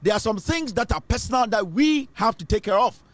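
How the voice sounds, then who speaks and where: A man's voice: high-pitched, animated, brisk, a bit bright, no room sound. A man with a Ghanaian accent giving emphatic political news commentary, switching between English and Twi.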